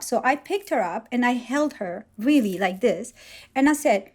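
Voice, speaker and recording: A woman's voice: on the high side, moderate pace, darkish tone. A woman guest in a conversation, reflecting and telling personal stories, often acting out what was said. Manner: reflective, storytelling, acts out dialogue. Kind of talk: conversational interview.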